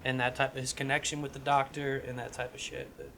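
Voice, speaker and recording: A man co-hosting a podcast, casually pitching a comedy script with profanity and lots of restarts. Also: little pitch movement, fast talker, vocal fry, bright, forceful tone, a little hiss or hum. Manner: rambling, profane, frequent restarts. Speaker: podcast co-host.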